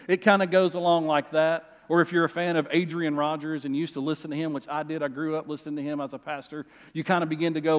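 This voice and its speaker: A middle-aged male pastor preaching a sermon in a church, expressive and joking with the congregation. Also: on the high side, quick pace, few pauses. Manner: lively, expressive, jokes with the congregation. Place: church sanctuary. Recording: long reverb of a church hall.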